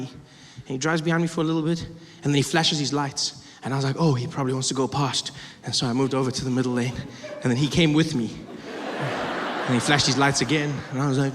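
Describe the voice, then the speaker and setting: Animated high-voiced comedian in an echoey hall. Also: male voice, background noise. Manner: animated, acts out voices and siren sounds. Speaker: stand-up comedian. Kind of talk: stand-up storytelling.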